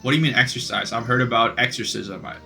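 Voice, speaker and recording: A man's voice: mid-range voice, quick pace, gravelly, sharp tone, soft background music, voice pushed down. A man voicing a dodgy little male imp demon in a put-on British accent, talking in shifty denials.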